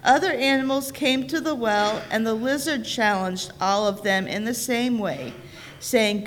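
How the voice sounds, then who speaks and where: A woman reading a folk tale aloud during a worship service, in a slow and deliberate way. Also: a little high, lively intonation, fairly bright tone, a little hiss or hum. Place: church sanctuary. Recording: reverberant church sanctuary.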